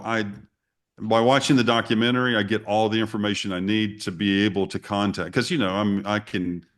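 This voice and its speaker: A man's voice: on the low side, fairly bright tone. A middle-aged man, a guest telling a story in a casual way and acting out his own reactions and emails. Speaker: interview guest.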